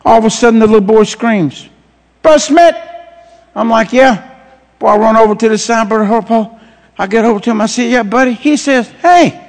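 A male preacher with a strikingly high voice, recorded in a church sanctuary with long reverb. He tells stories in a folksy, chatty way, then rises to shouted preaching. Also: level tone, quick pace, creaky. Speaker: pastor. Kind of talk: sermon.

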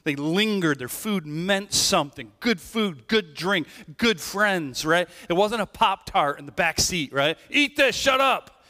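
A pastor of Irish descent speaks in a high, bright, forceful voice, a little slow and with few pauses, delivering a casual sermon in a church hall full of long reverb. He often asks "right?" and restarts his sentences.

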